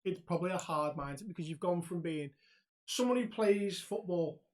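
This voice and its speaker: A man's voice: high voice, moderate pace. Laughing man telling stories. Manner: animated storyteller, laughs often, swears freely. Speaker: podcast co-host. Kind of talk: casual chat.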